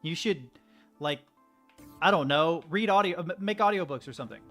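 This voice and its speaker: American male streamer, young, casual gameplay chatter, slightly higher voice, faint music under. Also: normal speed, a bit bright. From United States. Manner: chatty, rambling, talks to chat. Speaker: streamer playing a game.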